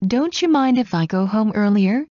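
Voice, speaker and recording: A woman slowly reading everyday English phrases one at a time for learners. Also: mid-range voice, animated, a little mellow, dry recording, muffled recording. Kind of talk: slow scripted phrase reading.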